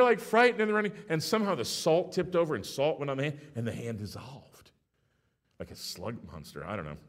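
A middle-aged pastor with a medium-pitched voice preaches a sermon, telling stories and swinging animatedly between hushed and loud delivery.

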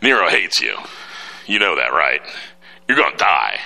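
A man's voice: extremely low pitch, huge pitch swings, normal speed, creaky, pushed and bright, voice pushed down, heavily acted. A man voicing a pagan Roman soldier who bluntly mocks a chained prisoner. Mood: mocking. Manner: blunt, mocking.

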